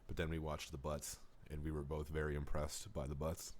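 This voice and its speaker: Very deep-voiced young man, dry joker. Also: monotone, a little fast, darkish tone. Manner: dry, joking banter. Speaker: podcast co-host. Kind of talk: casual chat.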